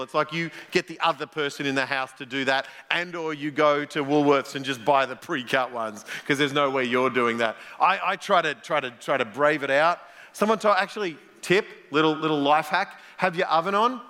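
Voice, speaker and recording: A man's voice: fairly high pitch, normal speed, pushed and bright. A middle-aged man preaching a conversational sermon in a church, jokey and playful, quizzing the congregation as he goes. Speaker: pastor. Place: church hall. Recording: long reverb of a large hall.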